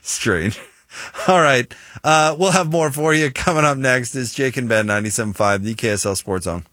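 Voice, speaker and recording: A man with a Utah American accent, a sports radio host in casual on-air banter, chatty and animated when making a point. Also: medium pitch, normal speed, no room sound, studio quality.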